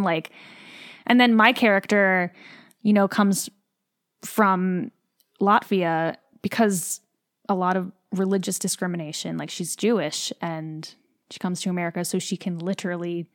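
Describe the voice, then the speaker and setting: A woman's voice: lowish voice, fairly even intonation, a little slow, no room sound, studio quality. A young woman, a stage actor, chatting in an interview, talking freely with lots of "like" and getting emotional. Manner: chatty, heavy use of "like", emotional. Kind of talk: casual interview chat.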